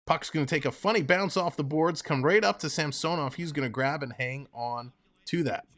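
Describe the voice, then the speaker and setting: Man, streamer host, play-by-play commentary, upbeat, chatty, slightly high voice. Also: moderate pace, fairly bright tone. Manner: upbeat, chatty, talks to viewers in chat.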